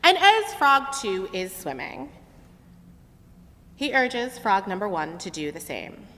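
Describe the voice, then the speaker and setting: Brief: woman worship leader, slow and very lively storytelling, long reverb of a big sanctuary. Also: medium pitch, slight background noise. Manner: lively expressive story-telling. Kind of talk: sermon storytelling. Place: large sanctuary.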